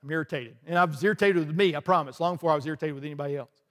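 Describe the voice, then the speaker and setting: A pastor preaching a lively sermon in a church, with rhetorical questions, asides and small laughs. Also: male voice, a little high, rapid-fire. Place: church sanctuary. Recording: long hall reverb.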